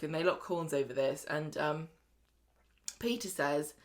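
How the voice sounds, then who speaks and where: A woman hosts a casual podcast recap, her voice sitting a little low for a woman. She talks in a chatty, jokey way, tumbling from one point to the next. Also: moderate pace. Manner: chatty, jokey, acts out characters' lines. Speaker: podcast host. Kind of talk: casual soap recap chat.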